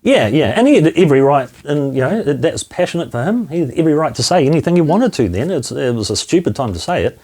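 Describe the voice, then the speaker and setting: A New Zealand man in his fifties telling comedy stories with blunt, frank language. His pitch swings widely as he talks. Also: big pitch swings, fast, few pauses, warm tone, husky. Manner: blunt storytelling with frank swearing. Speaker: comedian guest. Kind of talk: casual chat.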